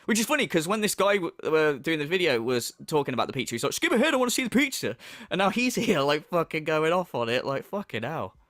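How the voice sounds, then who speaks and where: A man's voice: fairly high pitch, sing-song, quick pace, hardly any pauses, a bit bright, dry recording, studio quality. A man ranting in a mocking, profane reaction commentary. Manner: mocking, sweary rant.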